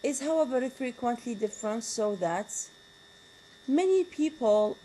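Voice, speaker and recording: A woman's voice: a little high, expressive, a little slow, dark tone, slight background noise, low-quality recording. Woman lecturing on grammar. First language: Arabic. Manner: switches between English and Arabic, asks rhetorical questions. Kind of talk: university lecture.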